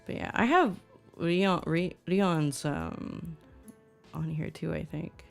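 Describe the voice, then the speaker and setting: Bubbly young woman streamer, lowish voice. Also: slow, creaky, faint music behind. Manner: bubbly, gushing, reads chat aloud. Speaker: VTuber streamer. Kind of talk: casual stream chat.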